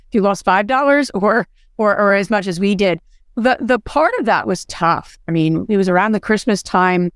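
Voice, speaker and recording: A woman's voice: mid-range voice, clean tone, no echo. Woman cohosting a motivational podcast, earnest and encouraging, dry sound. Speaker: podcast co-host.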